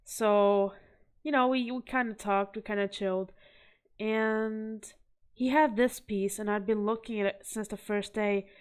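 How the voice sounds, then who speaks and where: Young adult woman, slow-talking vlogger, casual, rambling, self-deprecating. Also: medium pitch, steady tone, clean tone. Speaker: vlogger showing art. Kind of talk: casual chat to camera.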